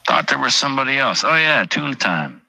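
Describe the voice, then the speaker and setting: A man's voice: mid-range voice, big pitch swings, a little fast, gravelly, bright, forceful tone, slightly rough, no room sound. A middle-aged man hosting a livestream, rambling and swearing casually while reading out chat names. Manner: profane, rambling, reads chat aloud. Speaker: livestream host.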